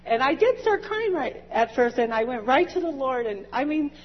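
A woman's voice: high voice, very animated, moderate pace. A woman in church giving an emotional personal testimony. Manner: emotional, laughs and tearful at times. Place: church sanctuary. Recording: dull lo-fi church recording with long reverb.

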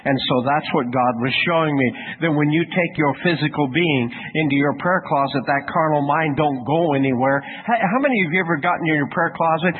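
A man's voice: on the high side, brisk, hardly any pauses. A man preaching a sermon in a folksy storytelling manner, asking his listeners questions. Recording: tinny phone-like radio sound with faint noise.

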